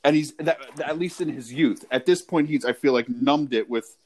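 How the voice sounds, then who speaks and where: A man in a relaxed chat, hesitant and restarting often as he works out his ideas. His talk is thoughtful and loose, full of fillers. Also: medium pitch, normal speed, poor audio. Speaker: podcast co-host. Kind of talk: casual movie-discussion chat.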